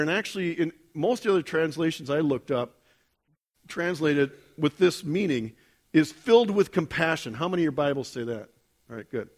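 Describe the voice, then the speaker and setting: Guy pastor preaching in church, chatty, asks the crowd stuff, voice on the high side. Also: fairly bright tone. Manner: conversational, asks the congregation questions, builds to intense emphasis. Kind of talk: sermon.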